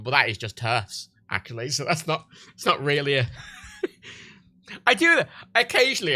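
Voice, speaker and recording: On a livestream, a British man chats loosely and crudely, rambling and repeatedly cutting himself off. His pitch swings widely, his pace is a little fast, and his tone comes across bright and forceful.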